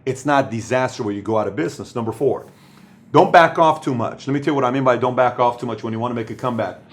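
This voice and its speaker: Man as host coaching entrepreneurs, emphatic, repeats himself, goes quiet and low for stories. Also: fast talker. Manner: emphatic, repeats phrases for stress. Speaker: host giving business advice. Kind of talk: motivational talk to camera.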